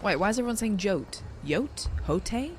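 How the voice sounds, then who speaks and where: A woman's voice: mid-range voice, lively intonation, moderate pace, a little hiss or hum. A woman streamer playing a video game, talking chattily and playfully to her viewers. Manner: chatty, playful, talks to chat. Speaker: gaming streamer. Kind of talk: let's play commentary. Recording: voice over game music. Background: game music.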